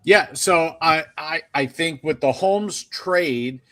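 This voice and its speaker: A man co-hosting a casual sports talk stream, giving measured analysis. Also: a little high, pushed and bright, dry recording. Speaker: co-host.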